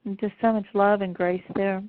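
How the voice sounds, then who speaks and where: A woman presenting an online seminar, tender and close to tears as she speaks warmly to her attendees. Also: mid-range voice, level tone, normal speed. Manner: warm, affectionate address to attendees. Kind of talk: live online seminar talk. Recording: tinny phone-like audio.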